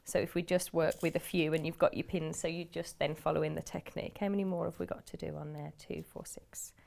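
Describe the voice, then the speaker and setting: A woman's voice: low voice, steady tone, a little fast, gravelly, a little mellow. A woman from Wolverhampton with a Black Country accent, chatting as a guest crafter while she walks through a sewing demonstration step by step. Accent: Black Country English. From Wolverhampton, England. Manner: chatty, explains steps as she works.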